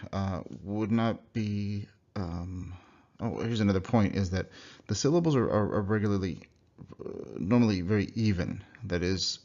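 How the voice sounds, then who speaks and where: Low-voiced man teaching in a relaxed way. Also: highs cut off. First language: English. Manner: relaxed, hesitant with many fillers and restarts. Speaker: language teacher. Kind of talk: recorded slideshow lesson. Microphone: computer microphone for a slideshow recording.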